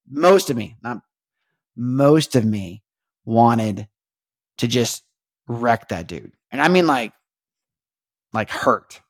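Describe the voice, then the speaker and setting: A man hosting a podcast, talking in a rambling, halting way with many restarts and earnest, faith-minded reflection. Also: mid-range voice, no echo, clean studio sound. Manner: rambling, halting, repeats words, keeps asking "you know what I mean". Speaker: podcast host. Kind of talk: casual confessional monologue.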